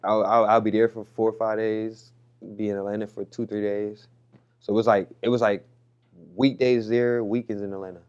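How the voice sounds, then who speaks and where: A man's voice: lowish voice, little pitch movement, normal speed, darkish tone, smooth, highs cut off. A young man as an interview guest, talking loosely and candidly with lots of slang and swearing. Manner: loose, slangy, profane talk.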